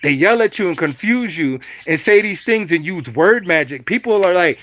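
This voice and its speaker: A man's voice: sits high, animated, moderate pace, few pauses, fairly bright tone. A man hosting a casual livestream, speaking in a preachy, repetitive way and addressing his viewers directly. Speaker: livestream host. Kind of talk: casual livestream talk to chat.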